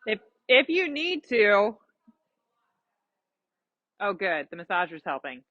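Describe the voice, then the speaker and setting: Bright-voiced woman riding instructor. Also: medium pitch, sing-song, slow, no echo, dull audio. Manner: encouraging, explains patiently with examples. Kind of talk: live coaching during a riding lesson.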